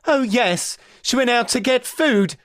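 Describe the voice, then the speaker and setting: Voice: mid-range voice, animated, unhurried, no echo, studio quality, natural voice. A player voicing a polite, overly chatty man who overwhelms people with questions and keeps apologizing. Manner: apologetic, rambling, fussy.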